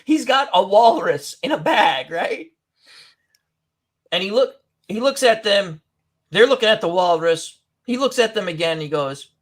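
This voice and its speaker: A man's voice: high-pitched, animated, moderate pace. Rambling, giggly male chat host. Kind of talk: casual chat.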